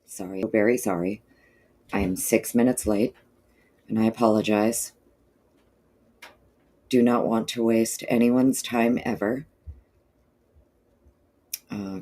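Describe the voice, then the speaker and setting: A woman hosting a casual livestream, greeting viewers in chat by name and calling them honey and darling, sounding low on energy and clearing her throat often. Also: warm tone. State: low energy, not feeling peppy. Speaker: livestream host.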